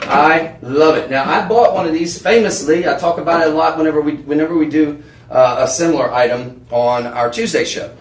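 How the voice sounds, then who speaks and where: A man hosting a live home shopping show, pitching products in a chatty, rambling way with lots of fillers and restarts. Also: brisk, roomy sound. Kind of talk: live on-air sales pitch. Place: TV shopping studio.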